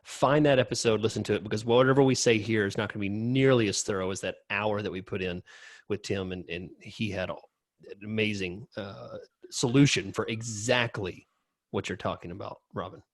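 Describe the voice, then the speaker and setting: A man's voice: on the low side, moderate pace, no echo. A man co-hosting a podcast, speaking casually and emphatically with many fillers and repeated starts. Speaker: podcast co-host.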